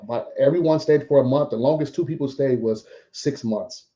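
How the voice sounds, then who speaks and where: A man speaks earnestly and reflectively as a podcast guest. His voice is very dark and mellow. It comes through muffled, lo-fi call audio. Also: medium pitch, moderate pace. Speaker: guest, veteran business owner. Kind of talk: casual podcast chat.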